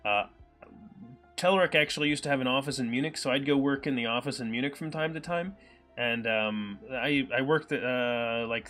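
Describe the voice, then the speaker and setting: A man's voice: mid-range voice, a bit bright. A man with an American Midwest accent hosts a live coding stream, thinking aloud with lots of ums and reading chat messages aloud. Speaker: livestream programmer host.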